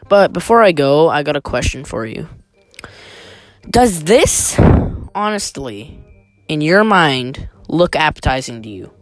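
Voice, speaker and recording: A young man vlogger telling a crude, exaggerated comic rant. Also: fairly high pitch. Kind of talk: comedic rant vlog.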